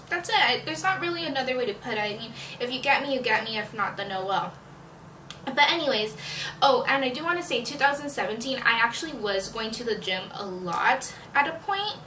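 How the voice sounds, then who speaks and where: A woman's voice: a little high, bright, forceful tone, distant mic, slight background noise. A young woman vlogging in a frank, chatty way, swearing and filling her talk with "like", recorded in an echoey room a bit away from the mic. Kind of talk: casual confessional chat.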